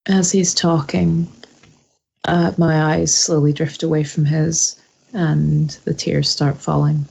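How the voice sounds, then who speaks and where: A woman with a low, husky voice plays her character in a tabletop game. She speaks slowly, softly and hesitantly, with a gravelly edge. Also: little pitch movement, poor audio. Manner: soft, hesitant, quietly earnest. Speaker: player. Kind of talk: in-character tabletop role-play.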